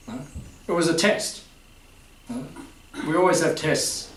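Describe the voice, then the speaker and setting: A man's voice: fairly high pitch, unhurried, a little hiss or hum. Man preaching in a roomy hall. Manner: chatty, quizzes the audience with repeated "huh?". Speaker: spiritual teacher. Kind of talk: informal spiritual talk to a live audience. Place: festival hall. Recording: roomy hall, distant mic.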